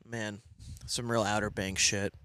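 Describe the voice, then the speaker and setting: A man's voice: on the low side, flat delivery, unhurried, pushed and bright, clean tone. A man co-hosting a podcast in casual chat, rambling and joking with lots of restarts and fillers. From United States. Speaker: podcast co-host.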